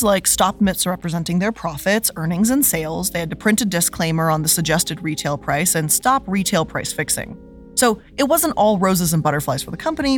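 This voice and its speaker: A woman hosting a scripted show, narrating with a sarcastic, lively delivery. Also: lowish voice. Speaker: host.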